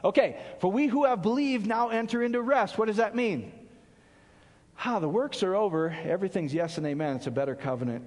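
A male pastor preaching an animated sermon, quizzing his audience and answering his own questions. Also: high voice, fairly quick. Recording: long hall reverb.

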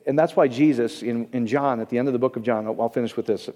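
A man's voice: mid-range voice, fast, mellow. A man preaching a casual, conversational sermon as a pastor, often checking in with his audience. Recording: echoey hall, long reverb.

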